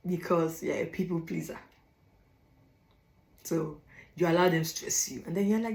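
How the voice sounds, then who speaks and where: A woman's voice: fairly low pitch, moderate pace, pauses often, darkish tone, roomy sound, low-quality recording. A young African woman giving blunt advice in a casual monologue, stressing her points by repeating phrases. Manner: emphatic, repeats phrases, laughs between points. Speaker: vlogger.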